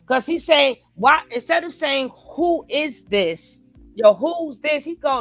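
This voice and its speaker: A woman with a high voice gives casual live reaction commentary, taking it slowly over soft background music. She's animated, reads and talks back to the chat, and repeats quoted lines over and over in different voices.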